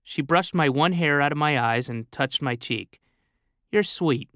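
A man telling a comic story in a goofy, excitable, naive way. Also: a little high, normal speed, clean tone, no echo, studio quality. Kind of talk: comic monologue.

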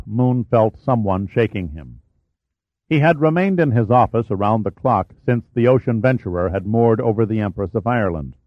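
A man giving a steady, measured audiobook narration. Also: mid-range voice, no room sound, lo-fi sound. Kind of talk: scripted narration.

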